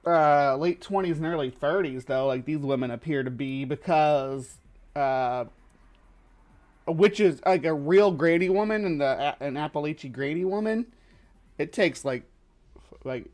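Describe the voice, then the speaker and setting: A man with a lower Midwestern accent hosts a show, giving casual commentary as he reacts to a video, rambling with many fillers and restarts. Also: a little mellow. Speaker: host.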